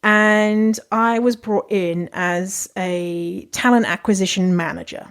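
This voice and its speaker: A woman's voice: medium pitch, fairly even intonation, takes it slowly, clean tone. Young woman, solo podcast host, frank and chatty with plenty of swearing and laughter. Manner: candid and chatty, swears freely, laughs often. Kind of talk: casual advice monologue.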